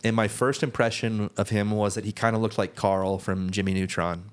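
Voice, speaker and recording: A man's voice: on the low side, fairly even intonation, normal speed, smooth. A young man co-hosting a podcast, telling rambling stories in casual chat with lots of fillers. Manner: rambling, many restarts and "like" fillers. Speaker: podcast co-host.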